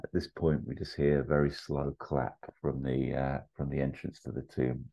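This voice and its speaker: A man hosting a podcast, casually pitching an adventure story with fillers, asides and chuckles. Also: little pitch movement, moderate pace, vocal fry, warm tone. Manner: rambling, full of fillers and asides, chuckles at own jokes. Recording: slightly muffled lo-fi audio.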